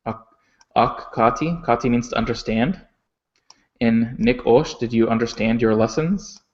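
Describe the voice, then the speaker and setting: A man teaching a language lesson, explaining patiently with frequent fillers and self-corrections, and slowing down to pronounce example sentences carefully. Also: medium pitch. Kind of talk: recorded online lesson. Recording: slightly dull, muffled audio.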